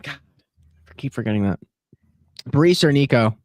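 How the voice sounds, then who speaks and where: Brief: man co-host, joking and teasing, lively swinging pitch, dry close sound. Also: normal speed, no echo. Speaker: stream co-host. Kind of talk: casual live-stream banter.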